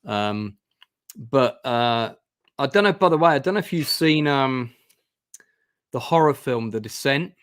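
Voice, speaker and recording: A man's voice: mid-range voice, lively intonation, measured pace, pauses often, fairly bright tone, clear, resonant tone, no room sound. Male host, mid voice, rambling scene recaps, dry room. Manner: rambling retelling with repeated restarts. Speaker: host of a review channel. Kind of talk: casual review discussion.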